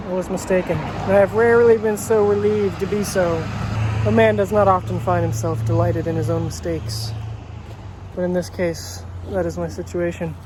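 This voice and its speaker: A man putting on an old-fashioned formal gentleman. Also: sits high, flat delivery, moderate pace, lightly acted. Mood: pompous. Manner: elaborate archaic phrasing. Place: outdoors by a road. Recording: outdoor traffic noise.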